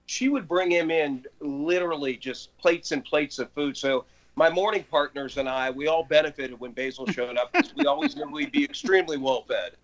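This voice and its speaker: A man from Ohio eagerly recounts radio-show memories in a slightly high voice. The sound is dull and lo-fi, as if it came in over a remote line. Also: normal speed, hardly any pauses. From Ohio, USA. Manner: animated, eager storyteller. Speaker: guest, radio sportscaster. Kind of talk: casual chat.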